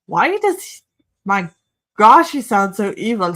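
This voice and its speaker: A young woman streamer chats loosely over a film, tossing off jokes and quick reactions to her viewers. Her pitch sits in an ordinary middle range for a woman. Her tone is relaxed and conversational throughout. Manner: chatty, joking asides to chat, frequent laughs. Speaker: livestream host. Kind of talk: casual movie watch-along commentary.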